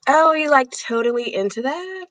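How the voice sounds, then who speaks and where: A woman's voice: high voice, animated, moderate pace, fairly bright tone, no echo, rough recording. A woman in casual conversation, playful, who likes slipping into put-on accents. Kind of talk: casual chat.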